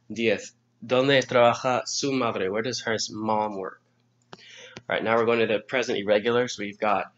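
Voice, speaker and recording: A man's voice: on the low side, a bit bright. A man teaching a grammar review lesson, explaining patiently and spelling words out letter by letter. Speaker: Spanish teacher. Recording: dull lo-fi recording.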